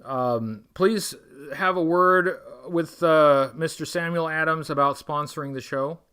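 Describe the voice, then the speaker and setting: A man hosting a long livestream, reading an adventure gamebook aloud. He drifts off into wry, rambling asides and catches himself mid-sentence, in a slightly high voice. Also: a little slow, a bit bright, smooth. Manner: wry, rambling, self-interrupting. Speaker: livestream host.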